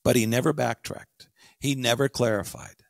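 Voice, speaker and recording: A man hosting a podcast, delivering a scripted teaching monologue with emphasis and talking straight to his listeners, slowing down on key points. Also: mid-range voice, creaky, no echo, clean studio sound. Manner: emphatic, addresses listeners directly. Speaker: podcast host.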